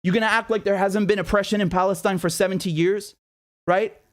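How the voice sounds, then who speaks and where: High-voiced man, angry commentary. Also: steady tone, fairly quick. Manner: indignant, fires rhetorical questions. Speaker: political commentator. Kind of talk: impassioned political commentary.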